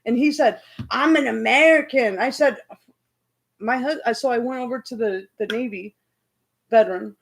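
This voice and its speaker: A woman hosting a livestream, loudly and heatedly retelling an argument in casual talk. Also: fairly high pitch, moderate pace, gravelly, poor audio. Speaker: livestream host.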